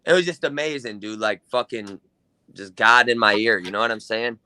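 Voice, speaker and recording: A man's voice: on the low side, moderate pace, pushed and bright, clean tone, no room sound. A young man from Wisconsin, a guest musician telling rambling, profane stories in casual chat. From Kenosha, Wisconsin. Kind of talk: casual storytelling.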